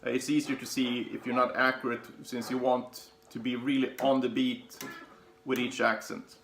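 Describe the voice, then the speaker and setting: A man teaching guitar in a casual, halting way, with many fillers and restarts, counting notes aloud as he plays. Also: medium pitch, little pitch movement, a bit bright, a little hiss or hum. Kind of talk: casual instructional talk. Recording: echoey room with guitar playing.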